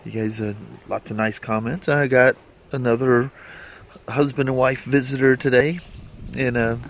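A man talking casually in a daily vlog, relaxed and rambling, often chuckling. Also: mid-range voice, normal speed. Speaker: vlogger. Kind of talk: casual chat. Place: driving home, then at home outdoors.

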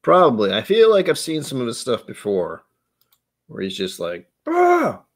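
A man's voice: mid-range voice, very animated, normal speed. A man hosting a casual chat, rambling and self-mocking, who now and then slips into joke accents. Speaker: host.

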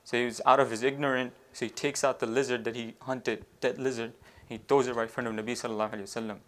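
A man preaching a storytelling sermon, halting often with fillers and restarts and weaving in devotional phrases. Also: mid-range voice, little pitch movement. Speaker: Islamic preacher.

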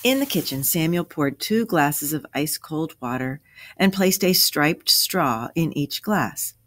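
Lady reading a kids' story out loud, low-ish voice, lots of lilt. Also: unhurried, no room sound. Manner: expressive, clear read-aloud. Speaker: story reader for a lesson. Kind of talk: reading a storybook aloud for children.

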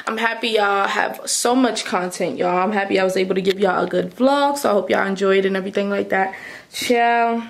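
A young woman talking casually to her viewers in a vlog, chatty and animated as she recounts her day. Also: medium pitch, fairly quick, gravelly, a little hiss or hum. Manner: chatty, addresses viewers as y'all. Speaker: vlogger.

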